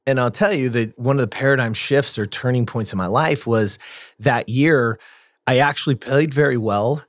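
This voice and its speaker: A man's voice: medium pitch, moderate pace, dry recording, studio quality. A man guest on a podcast, telling a personal story in a casual, earnest way with frequent restarts.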